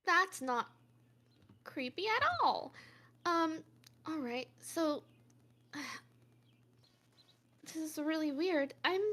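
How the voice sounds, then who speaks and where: A woman's voice: extremely high pitch, bright, forceful tone, exaggerated voice. A woman putting on a flustered Southern caretaker. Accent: put-on Southern US. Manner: folksy, exclaiming, hesitant. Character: flustered female caretaker of children. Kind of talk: tabletop role-play.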